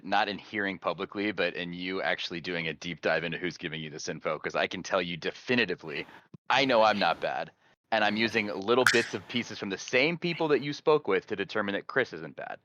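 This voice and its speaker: A man playing a voice-chat deduction game, defending himself in a measured, argumentative way. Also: deep voice, bright, forceful tone. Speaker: player. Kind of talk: arguing his case in a voice-chat game. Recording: dull voice-chat audio with faint hiss.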